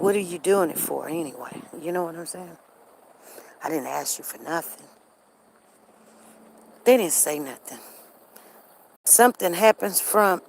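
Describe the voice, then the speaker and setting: Low, creaky and a little mellow, this middle-aged woman's voice carries slight background noise from her live-stream device. She's hosting, relaying a neighborhood tale in a gossipy, chatty way and turning aside to address viewers.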